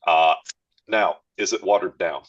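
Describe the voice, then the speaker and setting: A man's voice: low-pitched, unhurried, muffled recording. A man playing a tabletop role-playing game, laid-back and swearing casually as he describes his character's actions. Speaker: player.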